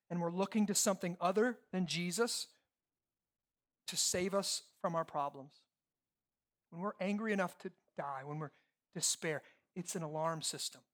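Pastor, male, emphatic sermon delivery, dips to near-whispers and climbs to loud points. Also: high-pitched. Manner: animated, emphatic, shifts from hushed to loud.

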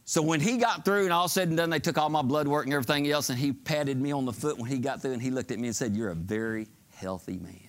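A middle-aged man preaching a sermon in church, telling folksy stories and building to shouted exhortations. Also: on the high side, fast, hardly any pauses. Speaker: pastor. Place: church sanctuary.

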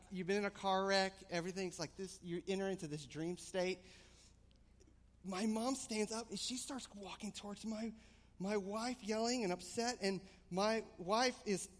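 Animated male preacher in a reverberant hall. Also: high voice. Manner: animated storytelling, rising excitement. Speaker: pastor. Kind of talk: sermon with personal story.

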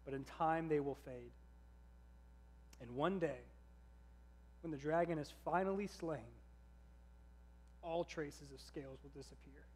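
Give me a merciful old king, as a male narrator reads him, slow, solemn, with a fairly high voice. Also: a little mellow, slight background noise, natural voice. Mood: gentle. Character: grieving merciful old king, gentle and commanding.

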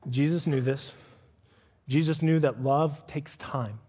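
A middle-aged man preaching a sermon as pastor, acting out quoted voices with animated swings of pitch. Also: slow pace, breathy edge. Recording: long reverb of a church hall.

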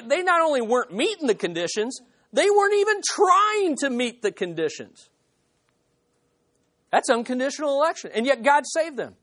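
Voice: medium pitch, fairly bright tone. A pastor preaching an expository sermon, emphatic, with rhetorical questions and short laughs.

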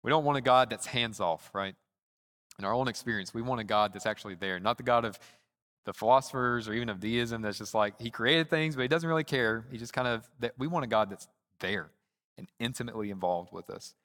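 A man's voice: mid-range voice, fairly bright tone. Earnest male preacher in a reverberant hall. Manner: earnest, slows down to stress key phrases. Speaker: pastor. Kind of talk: sermon. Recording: long reverb of a large hall.

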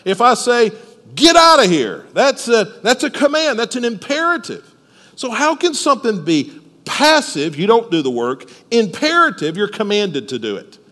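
Male pastor preaching, questions the congregation, widely varied pitch. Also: big pitch swings, moderate pace, fairly bright tone, long reverb tail. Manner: explains step by step, asks the listeners questions. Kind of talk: sermon. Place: church service.

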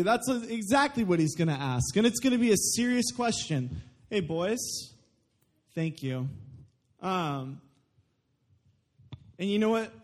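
Young male pastor, high-pitched, animated storyteller delivering a sermon. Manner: animated storytelling with acted-out quotes.

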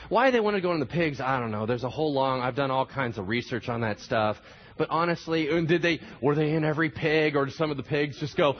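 A man's voice: a little high, animated, fairly quick, muffled recording, a little hiss or hum. A man preaching a sermon, telling the story with animation and acting out the voices of the people in it. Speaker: pastor.

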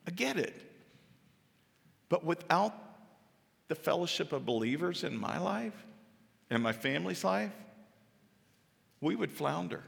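A man in his thirties preaching a sermon to his congregation, with earnest emphasis that drops into quiet, personal asides. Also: on the high side, vocal fry. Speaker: pastor. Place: church sanctuary. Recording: long hall reverb. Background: church hall.

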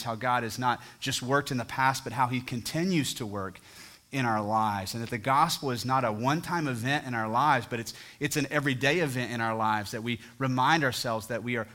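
A man's voice: mid-range voice, pushed and bright. A man in his thirties preaching a sermon as a church pastor, earnest and telling stories with dramatic voiced quotes. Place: church sanctuary.

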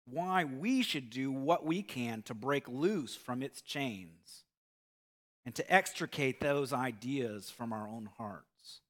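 A man preaching a sermon, telling an illustrative story in an earnest, measured way. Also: medium pitch, lively intonation. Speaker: pastor.

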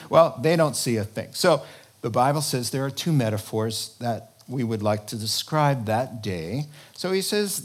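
A preacher delivering an animated sermon. The preacher jokes, asks the congregation questions and acts out the voices of the people quoted. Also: medium pitch, normal speed. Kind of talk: sermon on end-times prophecy.

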